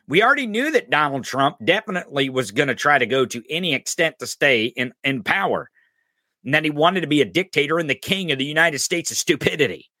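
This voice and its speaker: A man's voice: mid-range voice, sharp tone, no room sound, clean studio sound. A man hosting a podcast, ranting angrily and profanely in political commentary, mocking his opponents. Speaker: podcast host.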